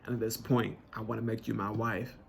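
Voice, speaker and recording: A man's voice: fairly low pitch, little pitch movement, brisk, creaky, slight background noise. A man, telling a personal story in an earnest, conversational way with many restarts, choked up with emotion. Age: 20s. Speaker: vlogger telling his proposal story.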